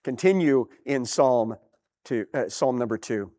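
A man's voice: medium pitch, lively intonation, a little slow, warm tone. A man teaching a Bible lesson in a conversational, explanatory way, lifting his voice on key words.

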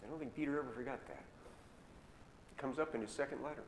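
In an echoey hall with long reverb and faint noise, a mid-range-voiced man preaches a sermon as storytelling. He retells scripture in casual modern words, slowing down for emphasis.

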